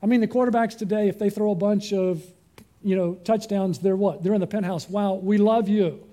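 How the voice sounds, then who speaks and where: An older male pastor delivers a sermon in a fairly high voice with a mellow, warm tone. He often stops to put questions to the congregation and waits for answers. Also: steady tone, a little fast.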